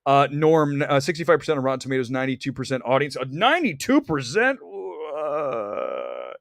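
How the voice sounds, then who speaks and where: A man's voice: mid-range voice, very animated, moderate pace, creaky, no echo, clean studio sound. A man hosting a movie livestream, chatting in a sarcastic, opinionated way and reading viewer comments aloud. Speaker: movie review livestream host. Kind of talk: casual opinionated livestream chat.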